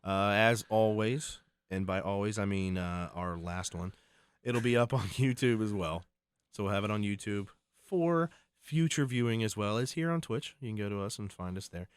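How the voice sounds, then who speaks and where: A man's voice: on the low side, moderate pace, smooth, no room sound. A man co-hosting a podcast, joking bluntly in casual chat. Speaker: podcast co-host.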